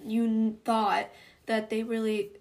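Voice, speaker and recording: A young woman co-hosting a casual podcast, joking around and laughing loudly at her own remarks between thoughtful talk. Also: a little high, little pitch movement, slow. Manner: jokey, laughs loudly at herself. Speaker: podcast co-host. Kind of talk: casual chat.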